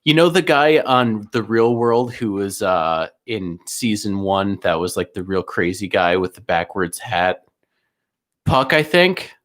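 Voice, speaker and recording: A young man co-hosting a podcast, recalling old TV shows in a relaxed, rambling way with frequent chuckles. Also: lowish voice, a little slow. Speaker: podcast co-host. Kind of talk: casual chat.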